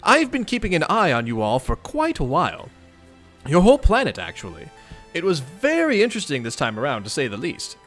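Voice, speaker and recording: A chatty, clever troll lady who knows more than she lets on, voiced by a male reader. Every word is carefully enunciated, and her voice keeps a bright, animated bounce. Faint music runs underneath. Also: a little high, fairly quick, pitched above the performer's own voice, exaggerated voice. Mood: upbeat, chatty. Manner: precise, properly enunciated, upbeat. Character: chatty, sweet, know-it-all female troll ancestor. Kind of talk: reading a webcomic aloud in voices.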